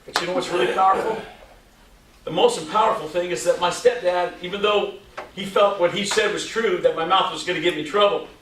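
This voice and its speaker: A man's voice: high-pitched, a little fast. A man in his sixties giving a motivational keynote to a live audience, telling stories with jokes and firing rhetorical questions at the crowd. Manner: animated, quizzes audience with rhetorical questions, jokey. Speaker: motivational speaker. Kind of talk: stage keynote storytelling. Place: large hall with live audience. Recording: echoey hall, mic at a distance, faint noise.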